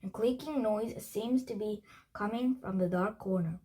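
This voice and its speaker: A woman reading a children's chapter book aloud, halting with frequent restarts and slips. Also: mid-range voice, dark tone, husky, rough recording. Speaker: storybook reader.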